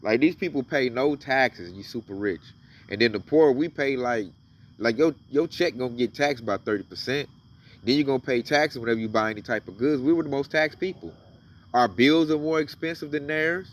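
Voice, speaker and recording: Animated man riffing on scripture. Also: mid-range voice, normal speed, recorded from a distance. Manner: animated, emphatic, reads verses aloud then riffs on them. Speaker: religious commentator. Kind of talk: casual scripture commentary.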